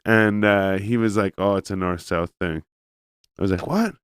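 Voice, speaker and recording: Smooth-voiced man, rambling chat. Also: sits low, fairly even intonation, normal speed, a bit bright, dry recording, clean studio sound. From Canada. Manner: rambling storyteller, heavy use of "like". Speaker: podcast co-host. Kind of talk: casual chat.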